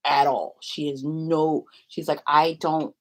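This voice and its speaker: A woman's voice: deep voice, level tone, takes it slowly. A young woman vlogging in a rambling confessional chat, full of filler likes and laughing often.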